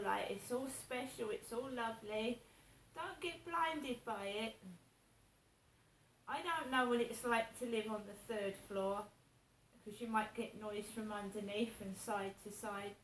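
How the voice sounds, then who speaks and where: A woman's voice: a little high, far from the mic. Chatty woman in an echoey room. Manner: chatty, rambling, repeats herself, indignant. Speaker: vlogger. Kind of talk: casual monologue to camera. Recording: echoey room with faint hiss.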